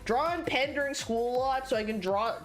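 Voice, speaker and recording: A woman's voice: sits high, fairly quick, faint music behind. A young adult woman streaming live as she draws, chatting casually in a rambling, profane, filler-heavy way. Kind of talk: casual livestream chat while drawing.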